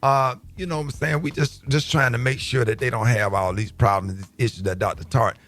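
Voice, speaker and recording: A man hosting a morning radio show, chatting casually and telling stories in an animated, playful way. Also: mid-range voice, brisk.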